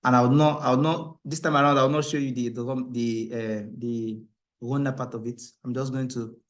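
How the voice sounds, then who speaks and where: A man teaching Quran recitation rules, explaining in a questioning style and breaking into a higher, louder chant for the verses. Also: flat delivery, moderate pace. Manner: asks the class rhetorical "what?" questions. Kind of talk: tajweed lesson, explaining and reciting.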